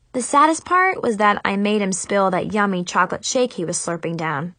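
A woman reading a first-person children's story aloud, lively and playful. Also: medium pitch, no room sound. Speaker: narrator.

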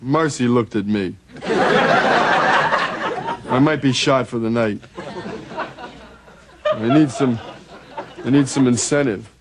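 An actor playing a grumpy, put-upon sitcom husband with a gruff, exasperated manner. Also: male voice, medium pitch, slow pace, pauses often, a loud crowd, very noisy, close to an everyday voice. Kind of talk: sitcom acting. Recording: loud studio audience laughter.

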